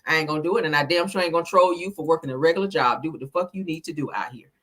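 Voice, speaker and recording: A woman's voice: deep voice, rapid-fire, a bit bright. A woman hosting a casual commentary chat, sassy and blunt, swearing freely and often chuckling. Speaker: host.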